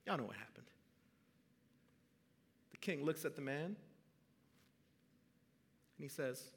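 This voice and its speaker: A male pastor delivers a sermon at an unhurried pace, telling a story and putting questions to his congregation. His voice sits slightly high and rings through a large hall with a long reverb. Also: big pitch swings, vocal fry, pushed and bright.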